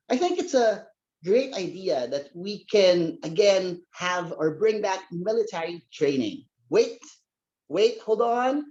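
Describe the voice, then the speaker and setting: A man's voice: sits high, darkish tone, highs cut off. A man giving a humorous contest speech, playful and theatrical. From Philippines.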